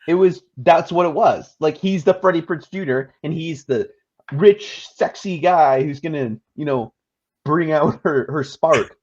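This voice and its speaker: A man's voice: fairly high pitch, unhurried, darkish tone, highs cut off. A man chatting casually about a movie with a friend, laid-back, swearing and trailing off mid-thought. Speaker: co-host friend. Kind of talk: casual chat.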